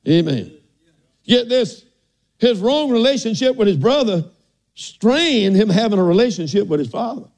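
A man's voice: high voice, sing-song, normal speed, darkish tone. An older man preaching a folksy sermon, often asking "are y'all listening" and saying amen.

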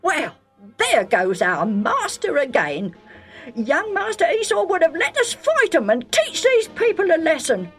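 A woman's voice: very high-pitched, huge pitch swings, a little slow, a bit bright, faint music behind, voice pushed up, exaggerated voice. A woman doing a grumbling, scrappy servant. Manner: complaining, boastful.

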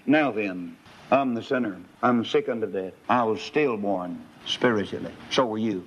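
A man's voice: fairly low pitch, moderate pace, slightly rough. A male preacher telling a sermon story and putting rhetorical questions to his listeners. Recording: dull lo-fi recording.

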